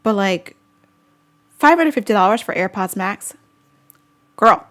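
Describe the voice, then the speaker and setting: A woman's voice: medium pitch, animated, a little slow, fairly bright tone. A woman vlogger hosting a casual live-stream chat, chatty and giggly as she answers viewer comments.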